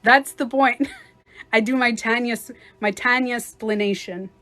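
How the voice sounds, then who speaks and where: A woman life coach giving a casual livestream talk, chatty and quick to laugh, acting out little scenarios as she explains. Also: a little high, a bit bright.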